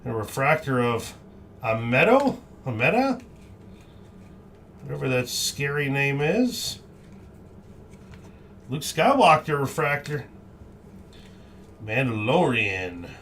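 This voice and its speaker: A man's voice: mid-range voice, sing-song, takes it slowly, long pauses, fairly bright tone, slight background noise. A man hosting a live card break stream, reading out each card with upbeat, cheerful exclamations.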